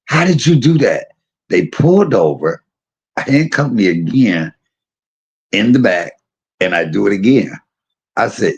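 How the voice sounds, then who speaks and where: A middle-aged man casually telling a personal story, animated and laughing, using street slang and acting out quotes. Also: low voice.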